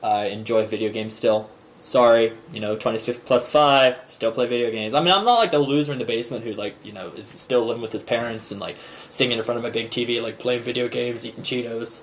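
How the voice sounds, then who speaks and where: A man in his thirties sits in a chair indoors and rambles jokingly to a camera propped in a desk drawer. His pitch sits in the usual middle for a man, and he keeps poking fun at himself. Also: fairly quick, slight background noise. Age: 30s. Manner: joking, self-deprecating and rambling. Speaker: vlogger host. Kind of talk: casual comedic monologue to camera. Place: indoor room, seated in a chair.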